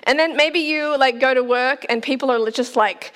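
A pastor in her forties preaches in a church auditorium, chatty and playful, laughing often. Her voice is high-pitched and fairly bright, with a measured pace, and the recording carries the long reverb of a hall.

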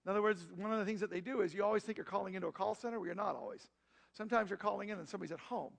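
A middle-aged man preaching, telling a story in a lively, conversational way with asides to his congregation. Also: sits high, racing, gravelly. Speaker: pastor. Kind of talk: storytelling sermon.

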